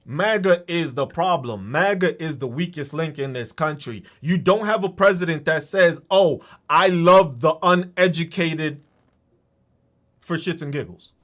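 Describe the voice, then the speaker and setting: A man rants on his podcast with a high, lively voice that leaps all over its range. He talks in a heated, profane, mocking way. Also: normal speed, few pauses. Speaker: podcast host. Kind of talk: ranting political monologue.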